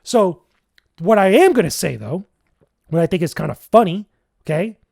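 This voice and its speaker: A man hosting his own solo podcast, ranting in casual, slangy talk, exasperated and incredulous, with outbursts that jump up loud and high. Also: sing-song, normal speed, creaky. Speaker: podcast host.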